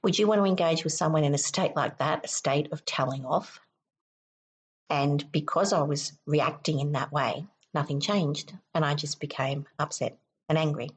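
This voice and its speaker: A woman hosting a self-help podcast, explaining steps in a calm, instructive way. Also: low-pitched, moderate pace, slightly rough. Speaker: podcast host.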